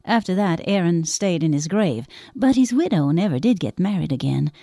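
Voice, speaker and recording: Woman, storyteller, spooky folktale, lively pitch, dry close sound. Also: normal speed, vocal fry, dry recording. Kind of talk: told folktale.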